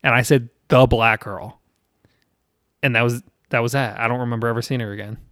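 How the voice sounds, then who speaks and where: A man's voice: mid-range voice, steady tone, a little fast, fairly bright tone, dry recording, studio quality. A man in his thirties from South Carolina, hosting a casual chat and telling a rambling, profane story with self-deprecating laughs.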